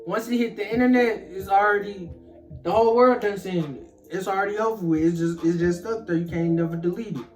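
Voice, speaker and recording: A young man with a somewhat high voice talks loosely in a podcast chat, full of slang. He often breaks into laughter mid-sentence, and soft music sits faintly underneath. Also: fairly quick, echoey room. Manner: slangy, laughs through his words. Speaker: podcast co-host. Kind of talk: casual chat.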